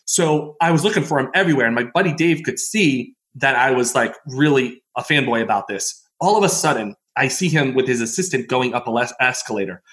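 A man's voice: mid-range voice, brisk, few pauses, fairly bright tone. A middle-aged man, a coach appearing as a podcast guest, telling stories animatedly, laughing often and acting out quotes. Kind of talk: casual interview storytelling.

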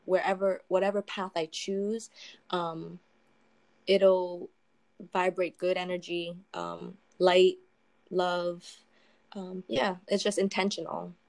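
A woman singer-songwriter talking in a casual interview, soft-spoken and reflective, with many pauses and ums. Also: lowish voice, little pitch movement, vocal fry, no echo.

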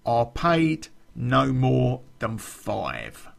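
A man voicing a cocky, self-important local hard man who talks in a slow drawl. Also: medium pitch, wildly swooping pitch, gravelly, exaggerated voice. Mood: smug.

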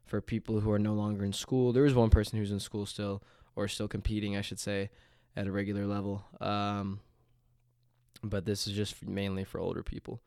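A man's voice: on the low side, little pitch movement, moderate pace, a little mellow, no room sound, studio quality. Nasal young man rambling on a podcast. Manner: rambling, hesitant, with many fillers and restarts. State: congested from allergies. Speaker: podcast host. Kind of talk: casual solo podcast.

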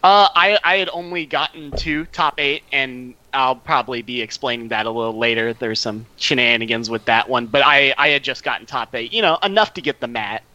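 A man as a guest on a podcast, talking casually and relaxed, laughing often. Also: medium pitch, a little fast, hardly any pauses, no room sound, low-quality recording.

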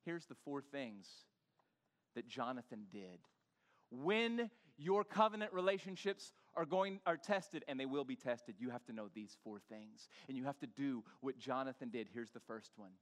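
A male pastor preaching an animated sermon in church, bantering with the congregation and urging them to talk back. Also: medium pitch, normal speed, long reverb tail. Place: church sanctuary.

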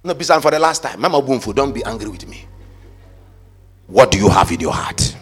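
A pastor preaching a fervent sermon, swinging between loud shouted calls and quiet asides, slipping into sung phrases. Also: male voice, medium pitch, very animated, a little fast, pauses often, husky, soft background music.

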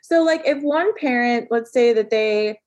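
Animated sarcastic woman therapist. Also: on the high side, measured pace. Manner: animated, sarcastic, acts out quoted parents. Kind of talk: casual podcast discussion.

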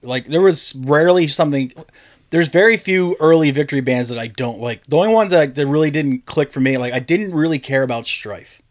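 A man chatting casually on a podcast, fairly high-voiced and lively as he tells stories. He swears freely and slips into a higher voice when he acts out what someone said. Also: fairly quick. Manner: animated storytelling, swears often, acts out quotes in a higher voice. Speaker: podcast host. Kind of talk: casual chat.

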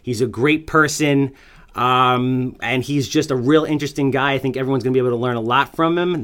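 A man's voice: medium pitch, steady tone, a little fast, a bit bright, slight background noise. A man hosting a podcast, joking and self-mocking as he talks, running through promos and a guest introduction. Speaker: podcast host. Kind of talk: casual podcast chat.

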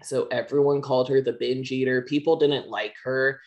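A man's voice: mid-range voice, steady tone, moderate pace, a little mellow, muffled recording. A man hosting a podcast, casually retelling an anime plot in a laid-back, profane way. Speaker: podcast host.

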